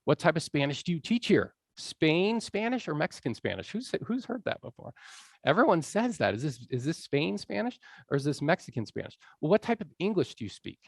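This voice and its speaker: A man's voice: fairly high pitch, very animated, fairly quick, gravelly, no room sound, studio quality. A man lecturing on language learning in a conversational way, often checking in with his audience. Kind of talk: public lecture. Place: college lecture room.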